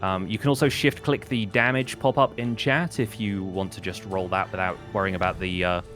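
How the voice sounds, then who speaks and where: A man's voice: deep voice, fairly even intonation, a little fast, over music. A man narrating as game master of a streamed tabletop game, patiently explaining rules with lots of fillers.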